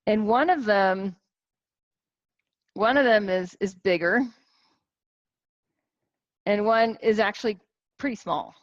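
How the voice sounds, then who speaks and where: Woman in her forties, wellness coach, casual group talk, lively with restarts, muffled dry sound. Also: mid-range voice, slow, pauses often, no room sound. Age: 40s. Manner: animated, many restarts and rhetorical questions.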